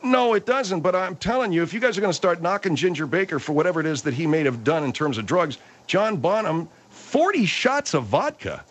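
A man's voice: a little high, lively intonation, quick pace, hardly any pauses. A man hosting a comic radio talk show, sardonic and argumentative with his callers.

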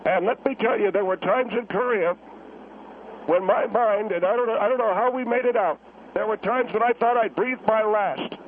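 A man voicing an elderly male Korean War veteran who calls in on a tinny phone line and rambles, halting and repeating himself. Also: sits high, a little hiss or hum, voice pushed up, lightly acted. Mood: nostalgic. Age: over 70. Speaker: caller.

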